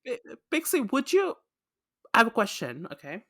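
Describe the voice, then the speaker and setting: A woman's voice: a little high, wildly swooping pitch, moderate pace, fairly bright tone. A woman co-hosting a podcast, asking questions in a giggly, enthusiastic way. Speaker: podcast co-host. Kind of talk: casual podcast chat.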